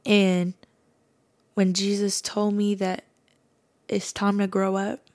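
A woman's voice: medium pitch, monotone, slow, darkish tone. A woman hosting a podcast, sharing a personal faith testimony in a casual, earnest way, often saying "like". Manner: casual, earnest, fills speech with "like". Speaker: podcast host.

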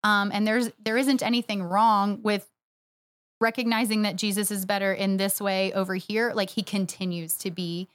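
A woman's voice: medium pitch, steady tone, normal speed, a bit bright, no echo. A woman co-hosting a church podcast, chatting casually, laughing often and agreeing emphatically. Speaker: podcast co-host, church next steps director. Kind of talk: casual chat.

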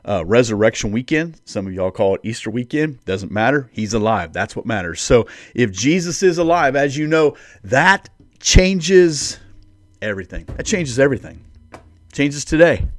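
A man's voice: medium pitch, big pitch swings, moderate pace, no room sound. Man preaching in a dry podcast voice. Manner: conversational, preacherly, rising emphatic bursts. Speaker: podcast host. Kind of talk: devotional podcast teaching.

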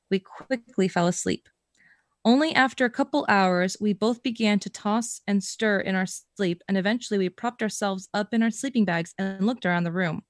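A woman's voice: medium pitch, no echo, studio quality. A young adult woman co-hosting a podcast, reading a listener's story aloud with casual, swearing asides. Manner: expressive reading, breaks into laughter and swearing.

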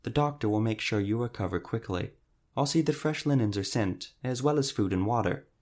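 A man reading an audiobook, voicing a soft-spoken, impassive male cleric. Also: lowish voice, a little fast, natural voice. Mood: calm. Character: calm, fervent male cleric.

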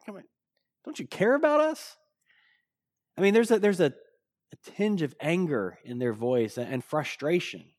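Male pastor, sermon, relaxed talking style, pitch a bit high and moving a lot. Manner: conversational, jokey, asks the congregation "right?".

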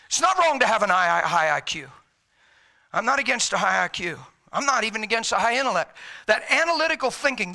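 A man preaching a sermon with passion, swinging between shouts and hushed, quiet lines. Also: very high voice.

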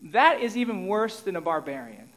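A man preaching a sermon in a conversational way, often checking in with his listeners and moving between loud emphasis and quiet asides. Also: high voice, very animated, normal speed. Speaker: pastor.

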